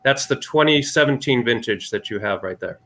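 A man explains a wine blend step by step at an ordinary pitch. His delivery is measured and informative, like a maker describing his craft. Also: expressive, a bit bright.

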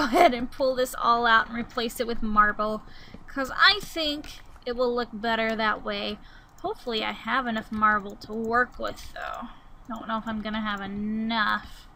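A young woman giving casual gameplay commentary, musing aloud as she builds and breaking into sudden excited outbursts. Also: on the high side, slight background noise, low-quality recording. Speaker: Let's Play gamer.

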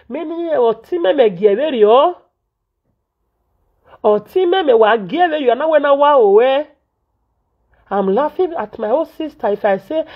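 A Nigerian woman vlogger, venting in Pidgin English and scolding repetitively in an indignant tone. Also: sits high. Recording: dull lo-fi audio.

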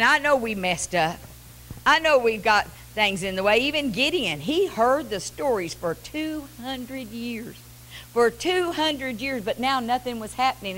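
A middle-aged woman preaching a Pentecostal sermon, swinging from soft talk to shouted exhortation. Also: medium pitch, expressive, a little slow, a little hiss or hum.

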